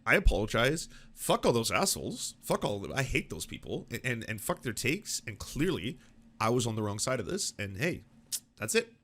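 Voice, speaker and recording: A man's voice: mid-range voice, normal speed. A man hosting a political commentary show, reacting in a casual, profane, self-mocking way. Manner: animated, profane, self-mocking, switches into mock voices.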